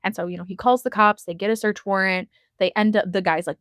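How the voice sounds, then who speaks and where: A woman's voice: mid-range voice, fairly even intonation, fast, fairly bright tone, dry recording. A woman co-hosting a casual podcast, telling long stories and acting out the people in them. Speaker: podcast co-host.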